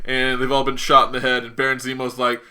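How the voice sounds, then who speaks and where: A man's voice: medium pitch, completely flat delivery, fast talker, sharp tone. A man hosting a podcast, recapping a movie in casual, rambling chat with many fillers and laughs. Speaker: podcast host.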